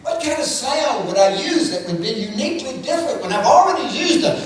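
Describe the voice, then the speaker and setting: A man doing an animated stand-up comedy routine, drawing out lines and breaking into shouted sound effects. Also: extremely high pitch, brisk, faint music behind. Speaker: comedic speaker on stage. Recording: echoey hall from far off, noisy. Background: audience laughter.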